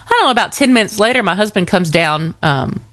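A woman co-hosting a relaxed talk show, spinning a story with a very lively, swinging pitch. She acts out the quoted lines of the people in it. The sound is dry and close, with no room echo. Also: fast talker. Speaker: co-host. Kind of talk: casual chat.

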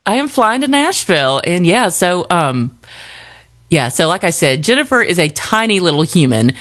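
A woman's voice: fairly low pitch, sing-song, normal speed, a bit bright. A woman co-hosting a radio show, telling rambling stories in a chatty, laughing way. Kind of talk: casual radio storytelling. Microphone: studio microphone.

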